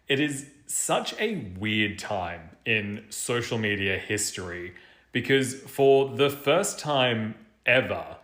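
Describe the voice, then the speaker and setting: A man's voice: lowish voice, a bit bright, roomy sound. A man with an Australian accent giving wry, matter-of-fact commentary. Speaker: content creator. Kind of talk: casual vlog commentary.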